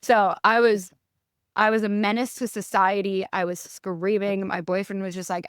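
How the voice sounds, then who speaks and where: A young woman with a New York accent tells stories as an interview guest, getting animated and ranting with plenty of swearing. Her voice sits at an ordinary middle pitch. The sound is dry and close, with no room echo. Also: normal speed, smooth. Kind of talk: casual interview storytelling.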